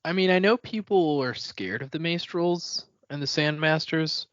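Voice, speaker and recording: A man's voice: on the high side, moderate pace, fairly bright tone, no room sound, muffled recording. A man co-hosting a podcast, chatting casually and musing over his opinions on the story. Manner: reacting with laughter and musing opinions. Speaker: podcast co-host. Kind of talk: casual chat.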